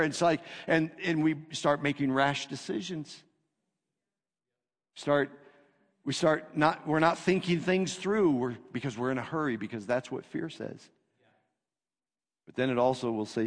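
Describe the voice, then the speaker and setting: A male pastor preaching a sermon, emphatic and repetitive, swinging between loud declarations and hushed lines. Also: a little high, unhurried, pauses often. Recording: long reverb of a hall.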